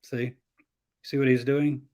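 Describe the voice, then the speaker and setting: A man teaching like a professor in an interview, explaining scripture passages with lively quoted voices. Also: medium pitch, a little slow.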